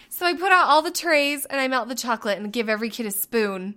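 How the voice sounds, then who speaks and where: A woman in her thirties co-hosting a podcast, telling family stories in a casual, animated way, laughing and acting out quotes. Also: sits high, fast, few pauses. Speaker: podcast co-host. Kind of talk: casual storytelling chat.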